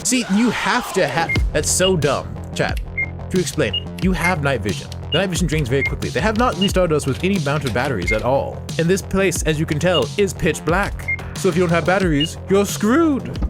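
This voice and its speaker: A male streamer plays a horror game live, sounding incredulous and exclaiming as he goes. His voice leaps wildly in pitch and sits a little high, with game music loud behind him. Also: sing-song, moderate pace.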